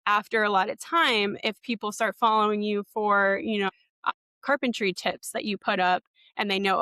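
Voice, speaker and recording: A woman's voice: medium pitch, flat delivery, normal speed, pushed and bright, clear, resonant tone, dry recording. A young adult woman hosting a webinar, teaching in a casual, encouraging way with many fillers. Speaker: podcast host and marketing coach.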